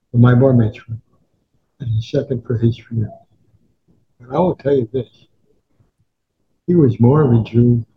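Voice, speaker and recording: Old guy in his 90s spinning stories, does little voices for people, mid-pitched, kinda dull lo-fi sound. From Newark, New Jersey, USA. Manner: animated storyteller who acts out quoted voices. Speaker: sportswriter guest. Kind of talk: anecdotal storytelling.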